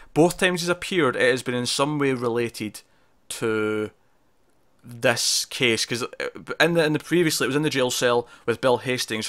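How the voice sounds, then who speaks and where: A man's voice: medium pitch, fairly bright tone. A man co-hosting a casual TV review discussion, chatty, with many fillers and restarts. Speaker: podcast co-host.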